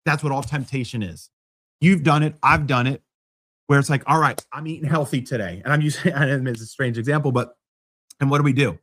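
A man's voice: medium pitch, brisk, fairly bright tone. A man preaching a sermon as pastor, in a conversational style with self-deprecating humor.

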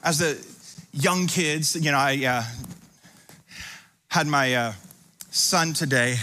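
A man's voice: a little high, animated, measured pace, pushed and bright. A man in his thirties preaching a sermon in church, building to impassioned repetition with humorous asides to the congregation. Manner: preaching with rising intensity and repetition. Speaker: pastor. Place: church sanctuary.

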